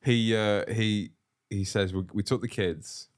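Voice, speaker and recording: A man's voice: steady tone, a little slow. A man co-hosting a podcast, chatting casually, swearing freely and acting out the people he quotes. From England. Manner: swears freely, acts out quotes with big pitch jumps. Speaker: podcast co-host. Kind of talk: casual chat.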